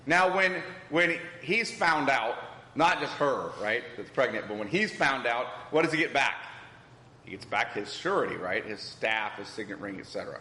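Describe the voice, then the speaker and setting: A man's voice: mid-range voice, moderate pace, pushed and bright. A man teaching a Bible class, asking the group questions and repeating their answers. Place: church hall. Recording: echoey hall with long reverb.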